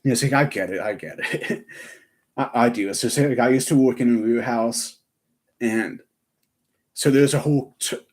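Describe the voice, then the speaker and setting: A man's voice: mid-range voice, normal speed, long pauses, darkish tone. A young man chatting on a live stream, rambling with lots of fillers and restarts. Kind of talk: casual live-stream chat.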